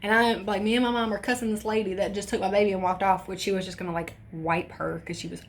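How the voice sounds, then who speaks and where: A woman's voice: medium pitch, fast talker. Young female vlogger, casual profane storyteller, faint background noise. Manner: animated, profane, laughing asides.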